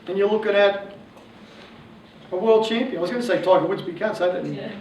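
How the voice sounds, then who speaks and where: An Australian man in his forties, a coach giving a joking, animated public talk to parents. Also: sits high, fast, soft background music. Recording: echoey hall from far off, faint ambience.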